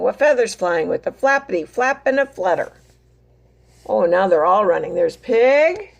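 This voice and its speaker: A woman reading a picture book aloud to young children, slow and careful, with a lively, swooping voice. Her tone has a gravelly, fry-tinged edge and sits a little high. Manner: animated, pointing out the pictures.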